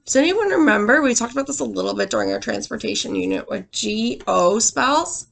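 A young woman teacher reading a picture book aloud to small children, with expressive sound effects and questions to the class. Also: on the high side, a little fast, gravelly, background noise.

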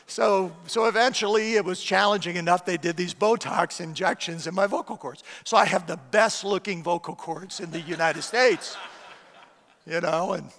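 In a church auditorium with long hall reverb, a middle-aged man gives a sermon as a guest speaker, sharing stories at his own expense. His voice sits high, is a bit bright, and moves at a moderate pace.

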